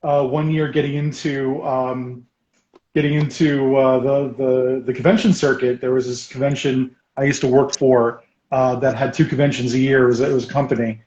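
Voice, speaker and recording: Male guest, lively storyteller who laughs a lot, roomy and muffled audio. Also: mid-range voice, moderate pace. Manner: animated storyteller, laughs often; painting while talking. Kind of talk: casual chat, storytelling. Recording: roomy, dull sound.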